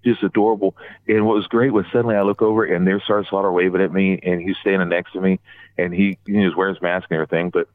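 A man telling a long, rambling story in casual chat, getting animated whenever he quotes other people. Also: low voice, fast talker, no room sound. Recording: tinny phone line.

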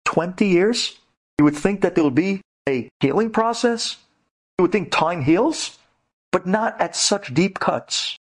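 A man's voice: animated, a little slow. A man who is a rabbi giving a storytelling lecture to women, dramatic and acting out the voices in his stories. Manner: dramatic, acts out quoted voices with big pitch leaps; speaks directly to a women's audience. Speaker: rabbi and inspirational speaker.

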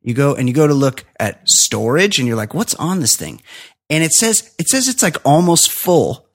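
A man's voice: a little high, very animated, moderate pace. A man hosting a podcast, chatting casually in long, rambling, profane rants. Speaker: podcast host.

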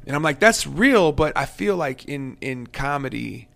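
A man talking as a guest on a casual show, reflective and halting, often restarting his sentences. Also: on the high side, expressive, vocal fry, fairly bright tone. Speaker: musician guest. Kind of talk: casual conversation.

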